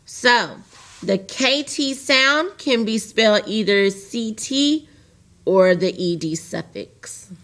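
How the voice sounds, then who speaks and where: A woman teacher, speaking directly to her young class in a recorded lesson, slowly sounds out words syllable by syllable. Her voice is on the high side, with lively intonation and a fairly bright tone.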